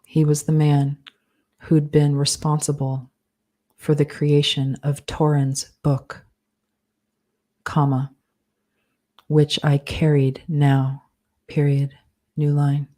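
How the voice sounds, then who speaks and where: Slow low-voiced woman dictating aloud. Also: level tone, warm tone. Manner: slow, measured, speaking punctuation aloud. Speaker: author dictating a novel. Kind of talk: live dictation of fiction with spoken punctuation.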